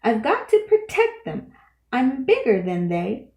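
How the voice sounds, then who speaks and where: A woman's voice: on the high side, huge pitch swings, measured pace, darkish tone, full character voice. A woman voicing a kind, loyal male elephant who talks earnestly and pleads, read in a roomy room. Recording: roomy echo.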